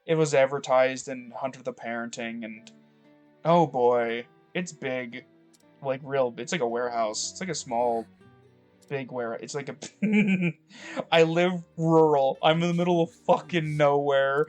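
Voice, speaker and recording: A man's voice: mid-range voice, measured pace, darkish tone, faint music behind. Man in a mid-range voice, loose let's-play rambler who swears a lot and wanders off topic. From Michigan. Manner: rambling, profane, digressive. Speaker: gameplay commentator. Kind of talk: casual let's-play commentary. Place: rural home.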